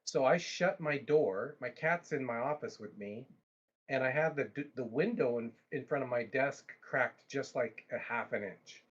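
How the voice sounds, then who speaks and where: A man hosting a livestream, telling a long story in a casual, animated way with frequent restarts and asides. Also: medium pitch, measured pace, breathy edge, muffled recording. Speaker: livestream host.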